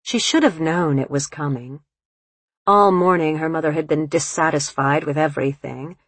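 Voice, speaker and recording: A woman narrating an audiobook in a measured, even reading voice. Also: low voice, no echo.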